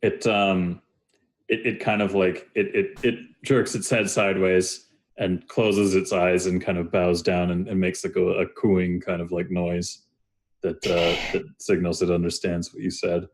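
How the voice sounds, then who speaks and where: A man narrating as game master of a tabletop game, halting, with many fillers and restarts. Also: sits low, level tone.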